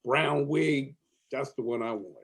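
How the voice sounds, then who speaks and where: A man's voice: mid-range voice, a little slow, vocal fry, slightly rough. A man guesting on a comedy podcast, talking in a playful, teasing way and laughing often. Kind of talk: casual comedy chat.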